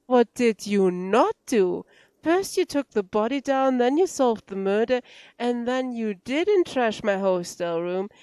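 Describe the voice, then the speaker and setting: A woman's voice: fairly high pitch, animated, a little slow, warm tone, clean tone, dry recording. A woman reading as a curt, touchy cafeteria manager. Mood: sarcastic. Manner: exasperated, lecturing. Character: irritable male cafeteria manager, defensive and curt. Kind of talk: reading game dialogue aloud.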